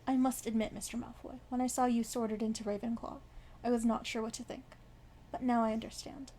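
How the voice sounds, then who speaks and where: A woman voicing an old male wizard headmaster, calm, mild and unhurried, in a fan fiction reading. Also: fairly high pitch. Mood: amused.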